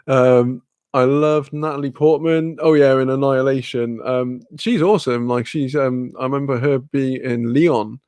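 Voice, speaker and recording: A laid-back man rambles to his live chat in a gravelly, creaky voice, swearing and laughing as he goes. The sound is close and dry, with no room echo, as if he sits at a desk mic at home. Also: medium pitch, a little mellow. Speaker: streamer chatting with live chat. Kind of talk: casual live-stream chat.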